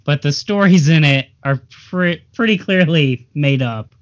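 A man hosting a podcast, his voice pitched a little higher than most men's. He chats casually and slips in dry jokes. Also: unhurried, dull audio.

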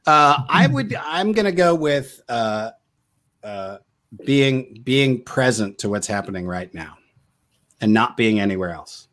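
A man's voice: mid-range voice, animated, a little slow, fairly bright tone. A man with a dry, joking manner, chatting casually on a podcast as a guest who does voice work. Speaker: voice actor guest.

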